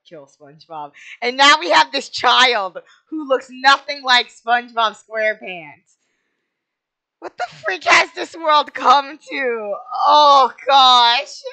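A woman talks through a game in a very high, lively voice that swings between unhurried chatter and melodramatic shrieking. Her tone is bright and sharp, and her words come at a slow, drawn-out pace. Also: creaky. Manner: playful, melodramatic wailing and shrieking. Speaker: gaming channel host. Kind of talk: casual game commentary.

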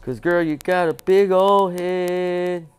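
Slow-talking jokey gamer man. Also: fairly even intonation, smooth, faint music behind. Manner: jokey, talks to the game character, repeats silly chants; swings from low mutters to loud startled yelps. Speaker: gamer playing a horror game. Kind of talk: casual let's-play commentary.

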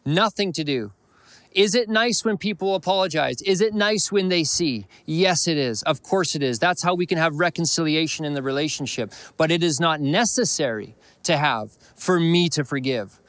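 Canadian male pastor, higher-pitched, earnest sermon storyteller, dry close mic. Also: moderate pace, fairly bright tone, dry recording. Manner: earnest storytelling with repeated phrases. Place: church.

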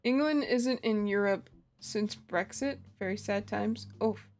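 A woman's voice: medium pitch, unhurried, a little mellow. A young woman streamer chatting casually with her viewers, giggling and laughing often. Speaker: game streamer. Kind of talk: casual live-stream chat.

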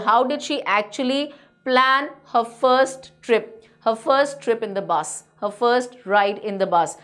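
A woman, teaching a school chapter in an explanatory way. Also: on the high side. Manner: explanatory, frequent "you know". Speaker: English teacher.

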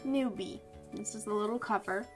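A woman's voice: mid-range voice, normal speed, faint music behind. A young woman casually looking back at her old artwork, laughing at herself and sometimes putting on little character voices. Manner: self-mocking, laughing, playful character voices. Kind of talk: casual chat.

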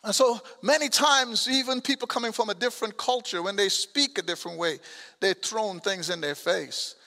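A man with a foreign accent preaches from the pulpit, his voice pitched very high and bright. He calls out to the congregation in a loose, colloquial way. The sound rings with a long church hall reverb. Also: normal speed, creaky. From abroad. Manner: preaching with call-outs to the congregation, colloquial asides. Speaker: pastor. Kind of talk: sermon. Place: church sanctuary.

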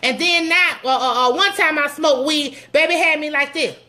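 A middle-aged woman giving sassy, teasing comedic church advice to her viewers, animated and preachy with loud whoops. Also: sits high, normal speed. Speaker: comedic commentator addressing live viewers.

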